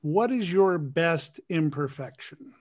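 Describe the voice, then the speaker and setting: A man hosting an interview, asking reflective questions in measured, philosophical phrasing. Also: on the high side, lively intonation, darkish tone. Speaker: interview host.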